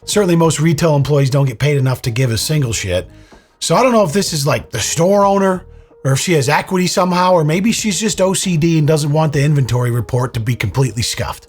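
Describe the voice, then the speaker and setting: A man hosting a reaction commentary, blunt and profane, his voice hoarse and fading. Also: on the high side, expressive, quick pace, soft background music. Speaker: commentary host.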